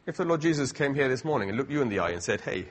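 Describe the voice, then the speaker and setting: Husky-voiced middle-aged male preacher. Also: medium pitch, big pitch swings, racing. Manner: conversational, with frequent asides and rhetorical questions. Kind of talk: sermon.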